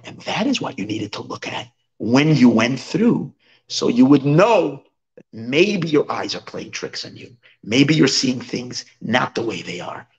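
A male rabbi tells stories in a sermon, his voice rising and falling with lively expression. He speaks at a middle pitch for a man. He acts out scenes as he narrates. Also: measured pace, lo-fi sound. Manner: animated, expressive storyteller. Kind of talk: sermon storytelling.

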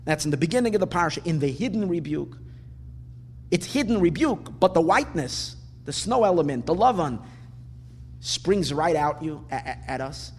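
Guy giving a torah class, fairly high voice, lots of rhetorical questions, long hall echo. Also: moderate pace, breathy edge. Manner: animated, repeats words for emphasis, asks rhetorical questions. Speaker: Torah teacher. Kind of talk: lecturing on weekly Torah portion. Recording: long hall reverb, faint background noise.

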